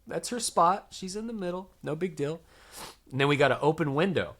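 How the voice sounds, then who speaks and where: A man in his thirties tells a story on a podcast, his pitch swinging widely as he acts out what everyone said. His voice sits a little higher than most men's. The talk is loose and chatty. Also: brisk. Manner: animated, acts out quotes in lively voices. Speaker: podcast co-host. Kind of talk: casual storytelling chat.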